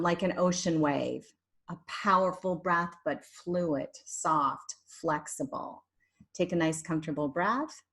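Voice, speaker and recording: Woman leading a guided meditation, lowish voice, soothing, sighs between lines. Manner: soothing, drawn-out, with breathy sighs. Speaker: hypnotherapist.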